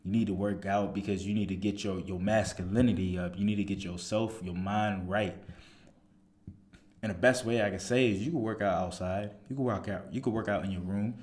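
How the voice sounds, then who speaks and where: A man's voice: lowish voice, steady tone, fairly quick, darkish tone. A man, a soldier giving blunt, profane motivational advice in a casual monologue, full of rhetorical questions.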